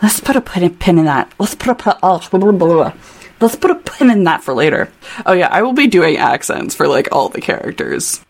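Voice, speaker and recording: A chatty woman co-hosting a casual book podcast, trading quick asides and giggles. Her voice sits a little low for a woman. She keeps an easy, loose conversational flow. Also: sing-song, vocal fry, breathy edge. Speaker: podcast co-host. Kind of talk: casual book-club chat with read-aloud passages.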